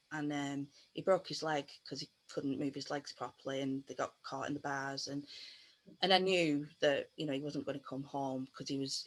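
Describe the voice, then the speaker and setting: A woman in her thirties, a pet bereavement counsellor, telling a personal story on a video call with many pauses and fillers. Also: low voice. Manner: hesitant, many fillers and restarts.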